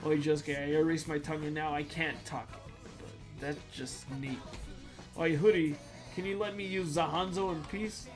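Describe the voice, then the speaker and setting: A man streaming, reading viewer-submitted jokes aloud with a loud, goofy, joking delivery. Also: on the high side, fairly even intonation, moderate pace. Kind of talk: comedic reading on a livestream. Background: music playing.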